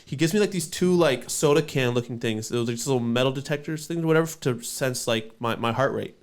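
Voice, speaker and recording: A young man from Canada tells a story on a podcast in a loose, rambling way. He swears freely and pads his sentences with fillers. His voice sits at an ordinary, middle pitch. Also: quick pace. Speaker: podcast host. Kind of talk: casual storytelling.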